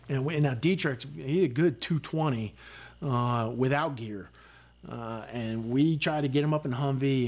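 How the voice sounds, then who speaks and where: Blunt man telling a war story. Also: mid-range voice. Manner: vivid, blunt storytelling with swearing and frequent "uh" fillers. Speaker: podcast guest, retired Army sergeant major. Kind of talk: recounting a combat story in conversation.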